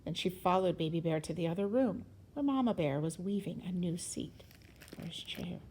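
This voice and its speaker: A woman teacher reading a children's story aloud in an expressive, sing-song way, sometimes dropping to a whisper. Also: on the low side, normal speed, a little hiss or hum, low-quality recording.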